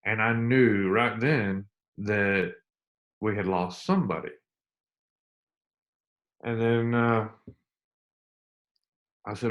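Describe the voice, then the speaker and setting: Earnest low-voiced veteran man. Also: steady tone, fairly bright tone. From United States. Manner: earnest, repeats himself, slow and emphatic at emotional points. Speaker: interview guest, army veteran. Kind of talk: candid storytelling interview.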